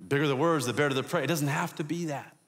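A man preaching a conversational sermon as a guest pastor, swinging between loud emphatic peaks and quiet low asides. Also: quick pace.

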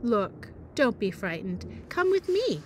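A woman reading aloud, voicing a kind young man who speaks softly and slowly. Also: fairly high pitch, sing-song, slight background noise. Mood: gentle.

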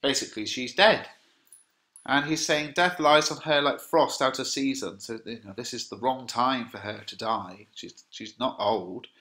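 A man's voice: medium pitch, moderate pace, bright, forceful tone. A man from England teaching a lesson on a play, reading lines dramatically and then explaining them in casual plain words. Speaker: English teacher.

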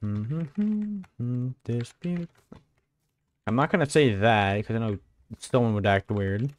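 A man's voice: medium pitch, lively intonation, takes it slowly. A young man live-streaming a game, chatting casually and teasing his viewers in a joking way. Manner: joking, teasing chat banter.

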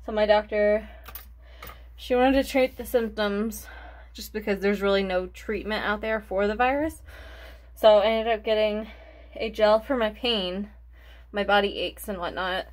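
A woman's voice: mid-range voice, steady tone, a little slow. A young woman chatting casually through a makeup tutorial, rambling and forgetful, short of breath and sighing between thoughts. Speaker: beauty vlogger.

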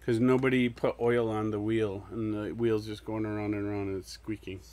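A man's voice: on the low side, flat delivery, brisk, background noise. A man hosting a live children's music show, singing farm songs and chatting playfully between verses. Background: guitar strumming.

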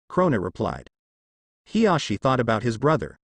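A man narrating a fan fiction story in a lively storybook manner. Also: mid-range voice, moderate pace, husky, dry recording, studio quality.

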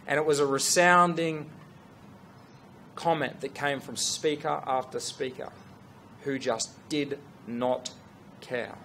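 A middle-aged man tells a story to an audience, earnest and animated, with frequent restarts. His voice sits in a middle register. A faint hum runs underneath. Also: medium pitch, slow pace, pauses often. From Australia. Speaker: fashion brand founder.

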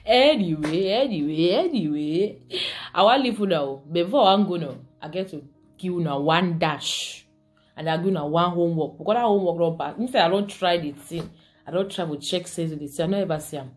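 A Cameroonian woman talks casually to camera in a fairly low voice, with a Cameroonian Pidgin English accent. She is chatty and laughs often, moving back and forth between pidgin and English. Soft music plays faintly behind her. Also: animated, fairly quick. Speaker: vlog host.

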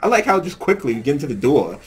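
A man's voice: medium pitch, big pitch swings, quick pace, husky. A man casually commentating his gameplay, rambling with many fillers. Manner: rambling, filler-heavy, laughs often. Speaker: let's play host.

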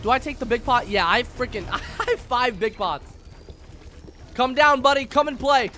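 A young man giving excited, slangy commentary while playing a video game, taunting opponents as he goes. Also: very high voice, normal speed, a little hiss or hum. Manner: hyped, slangy, talks to opponents. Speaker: gaming YouTuber.

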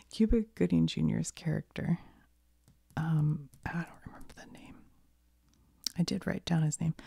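A woman with a cold talking in a soft-spoken ASMR style, half whispering and rambling gently, correcting herself as she goes. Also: sits low, no echo, studio quality. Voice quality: soft, breathy whisper drifting in and out. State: has a cold. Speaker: ASMR creator.

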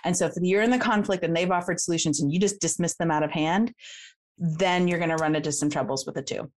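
A woman guest coach talking casually in an interview, chatty, laughing often and acting out quick quoted examples. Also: lowish voice. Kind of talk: casual explanatory interview talk.

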